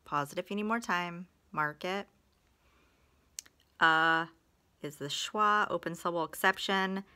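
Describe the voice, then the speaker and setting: A woman walks through phonics lessons at an unhurried pace. Her voice is bright and a little forceful, and she draws out every example word and sentence with patient care. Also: lowish voice, clear, resonant tone. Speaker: phonics teacher.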